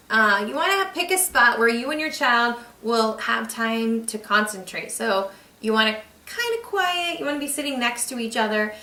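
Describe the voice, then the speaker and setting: A reading teacher patiently and encouragingly shows parents how to read with their child, demonstrating as she explains. Her voice is fairly high, bright and forceful, and the mic is far off in an echoey room.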